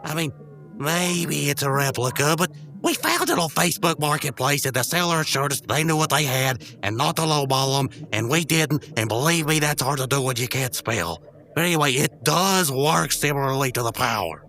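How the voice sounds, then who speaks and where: A woman's voice: low-pitched, animated, normal speed, fairly bright tone. A woman co-hosting a podcast, improvising a comedy sketch in a rambling, flustered way. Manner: rambling, flustered comic delivery. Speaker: podcast co-host.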